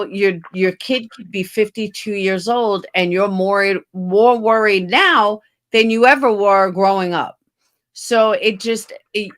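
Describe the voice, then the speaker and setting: A woman in her fifties talks in a blunt, earnest way as host of a casual chat. Her voice sits at an ordinary pitch for a woman. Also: fairly bright tone. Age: 50s.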